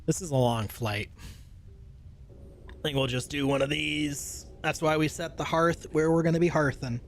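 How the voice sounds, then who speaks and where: Excited casual gaming streamer man. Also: fairly high pitch, moderate pace, slight background noise. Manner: enthusiastic, slangy, loose rambling. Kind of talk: casual gameplay commentary.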